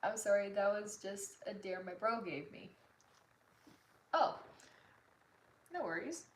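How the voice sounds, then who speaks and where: A woman's voice: medium pitch, animated, takes it slowly, slight background noise. A woman chatting casually with her livestream viewers, reading their comments aloud and apologizing often, recorded from a distant mic in a roomy space. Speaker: artist streamer.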